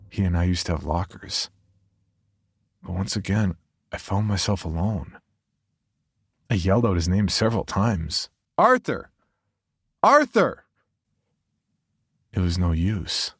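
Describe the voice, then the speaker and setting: Deep gravelly male horror narrator. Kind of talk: first-person horror story narration. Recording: faint music underneath.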